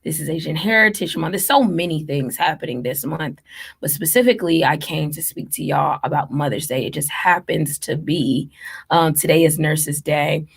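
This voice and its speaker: A woman's voice: low-pitched, moderate pace, vocal fry, breathy edge. A woman in her thirties hosting a live stream, earnestly listing her thanks in long runs with frequent ums. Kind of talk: heartfelt live-stream address.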